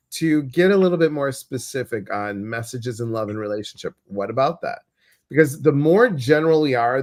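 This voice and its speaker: A man co-hosting a weekly card reading live stream, chatting casually and greeting viewers with enthusiasm. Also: medium pitch.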